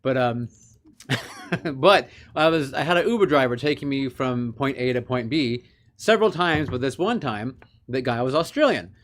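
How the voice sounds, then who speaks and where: A man co-hosting a movie podcast, telling a story in relaxed, laughing casual chat. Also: medium pitch, moderate pace. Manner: chatty storyteller, laughs often. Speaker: podcast co-host.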